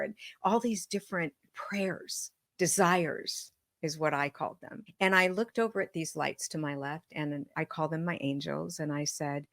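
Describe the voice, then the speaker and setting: A woman, a podcast guest, telling a personal story slowly and earnestly, dropping her voice at times. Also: low voice, a bit bright, no room sound, clean studio sound. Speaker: podcast guest, medium and author. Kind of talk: storytelling in an interview.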